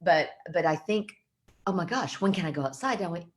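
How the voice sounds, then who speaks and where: She's a middle-aged woman co-hosting a radio chat, with a voice that sits a little low. She tells rambling everyday stories and laughs easily as she goes. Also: animated, a little fast. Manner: chatty storytelling, laughs often. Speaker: radio co-host. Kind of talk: casual chat.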